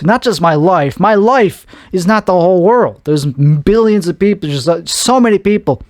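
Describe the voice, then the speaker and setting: A man's voice: fairly high pitch, lively intonation, normal speed, few pauses, no echo, clean studio sound. A man hosting his own podcast, rambling and making fun of himself. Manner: rambling and self-mocking. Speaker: podcast host. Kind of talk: solo comedic podcast chat.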